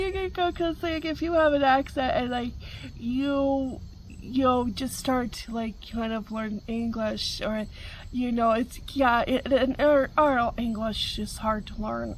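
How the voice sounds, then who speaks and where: A woman's voice: fairly high pitch, slight background noise, poor audio. A middle-aged woman, hosting a casual chat, rambling with many fillers and frequent laughter. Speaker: vlog host.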